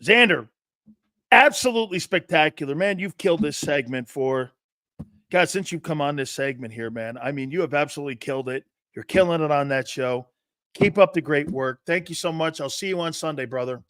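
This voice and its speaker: A man with a slightly high voice hosts a casual sports talk show, agreeing readily and hyping up his partner. His voice sounds dry and close to the mic. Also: brisk, a bit bright, dry recording. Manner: upbeat, agreeable, hypes up his co-host. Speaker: sports podcast host.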